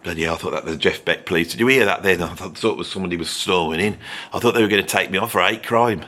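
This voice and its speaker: A middle-aged drummer hosting an opinionated ranking monologue, animated, sarcastic and rambling. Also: male voice, sits low, quick pace, slight background noise. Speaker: drummer and video host.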